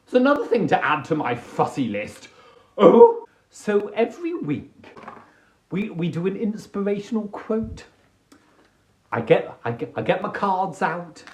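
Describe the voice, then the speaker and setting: A man chats casually to his livestream viewers through a phone mic. He tells stories theatrically, with a lively, swooping voice. He talks unhurriedly in a slightly high register. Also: a little slow. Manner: animated, theatrical storytelling with put-on voices. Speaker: livestream host.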